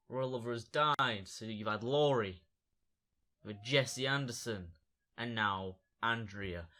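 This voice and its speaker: A young man talks through a comic review in a chatty, excitable way, like a fan who can't wait to share. His voice is bright and forward, sitting at an ordinary pitch. He sounds like he's at home, talking straight to his audience. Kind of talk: casual video review.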